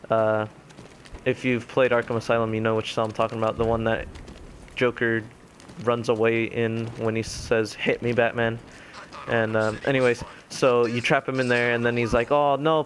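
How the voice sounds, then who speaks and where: Casual young male gamer, mid-pitched, rambling recap full of ums, faint hiss behind. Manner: rambling, filler-heavy retelling with quick quoted voices. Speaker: gaming commentator. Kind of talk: casual spoken game recap.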